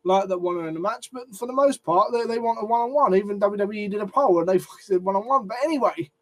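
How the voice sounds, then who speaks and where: A wrestling commentary channel host rants quickly in a high-pitched voice, giving a sweary take on wrestling. He gets flustered and repeats words when annoyed.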